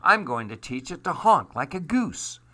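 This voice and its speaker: A man plays a proud, stubborn storybook goose who argues with a lofty, self-important air. The voice is lifted a little above a plain reading voice and stays bright, and every line sounds sure of itself. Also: on the high side, big pitch swings, moderate pace, voice pushed up, full character voice. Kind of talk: storybook read-aloud.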